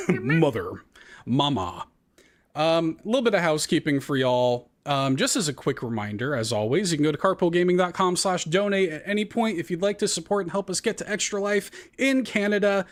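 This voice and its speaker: Guy cohosting a gaming podcast, kinda high voice, lots of ums and restarts. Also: animated. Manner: rambling, halting with fillers and restarts. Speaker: podcast co-host. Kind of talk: casual chat.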